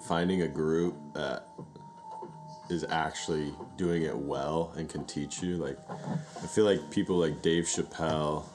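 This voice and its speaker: A man's voice: rumbling low, a little slow, over music. A man co-hosting a podcast, rambling and swearing casually as he talks. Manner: rambling, profane, animated retelling. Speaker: podcast co-host. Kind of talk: casual chat.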